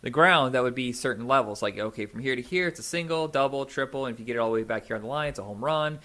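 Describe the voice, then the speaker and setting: A man's voice: medium pitch, quick pace, bright, forceful tone. Rambling man in casual podcast chat. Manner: rambling, searching for words with many fillers. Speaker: podcast co-host.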